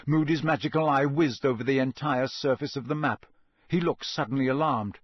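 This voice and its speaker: A man giving scripted audiobook narration in a measured, steady storytelling delivery. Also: medium pitch, slightly rough, dry recording.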